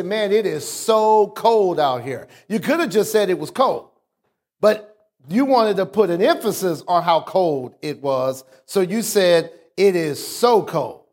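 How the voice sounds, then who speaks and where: High-voiced preaching man. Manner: preaching with call-outs to the congregation; swings from low explaining talk to raised, drawn-out emphasis. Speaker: pastor. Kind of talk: sermon.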